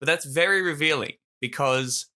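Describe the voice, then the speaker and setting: Bright-voiced, wry Australian man podcaster. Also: a little high, normal speed. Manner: explanatory, wry, laughs often. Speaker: podcast co-host. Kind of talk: casual political chat.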